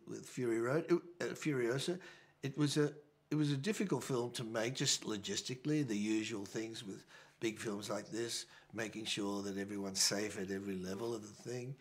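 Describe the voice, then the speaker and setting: An older Australian film director answering interview questions in a reflective, halting way, restarting and repeating words often. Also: male voice, lowish voice.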